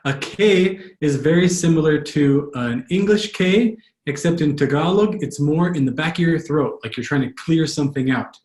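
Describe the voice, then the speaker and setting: A male language tutor giving a pronunciation lesson, patiently repeating words slowly. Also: a little high, darkish tone. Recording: echoey room.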